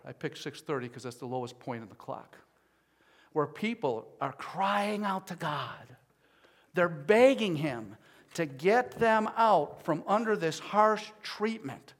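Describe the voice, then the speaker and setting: A man preaching a sermon as pastor, at times rising to loud pleading as he voices people's prayers. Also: on the high side. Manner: builds to loud pleading when voicing prayers.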